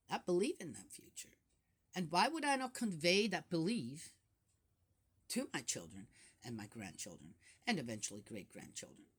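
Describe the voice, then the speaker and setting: An older woman hosts a casual Bible commentary, chatting her way through verses with lots of rhetorical asides and frequent laughter. Her voice is fairly low and fairly bright, with a slight roughness.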